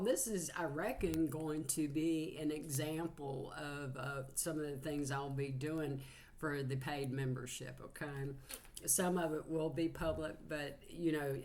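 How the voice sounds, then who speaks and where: A woman from Georgia in the US, with a Southern accent, leads a casual psychic channeling session in a chatty, folksy way, swearing freely and saying "y'all" a lot. Her voice is low and a little mellow.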